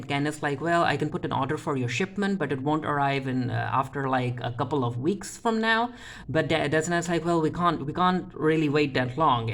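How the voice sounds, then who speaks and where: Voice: medium pitch, a bit bright. Chatty recapper paraphrasing scenes. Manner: retells scenes by loosely paraphrasing characters' lines; frequent restarts and filler words. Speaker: TV show reviewer. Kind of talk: casual spoken episode recap.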